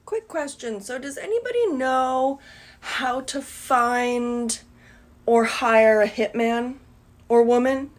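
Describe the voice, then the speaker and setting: A woman's voice: a little high, slow. A woman making a dry, offhand joke to camera. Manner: dryly joking, offhand.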